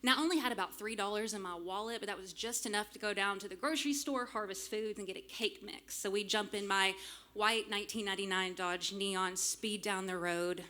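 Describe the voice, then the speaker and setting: A woman, telling a humorous personal story live on a club stage into a microphone, lively and self-mocking with frank swearing. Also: mid-range voice, brisk. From small town in Arkansas, US. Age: late 30s. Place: stage of a small music club. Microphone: stage microphone fed straight from the soundboard.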